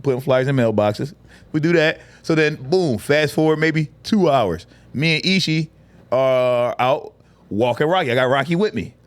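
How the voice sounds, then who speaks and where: A man in his thirties co-hosting a casual comedy podcast, telling stories and acting out quotes in high voices. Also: moderate pace, no room sound. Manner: animated storyteller, acts out quotes in high voices. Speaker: podcast co-host.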